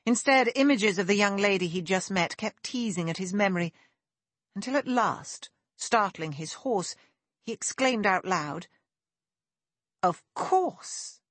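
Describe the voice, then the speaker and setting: A woman narrating a period novel in a measured, even storytelling manner, recorded on a close mic. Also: mid-range voice, no room sound. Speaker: audiobook narrator. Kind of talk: scripted narration.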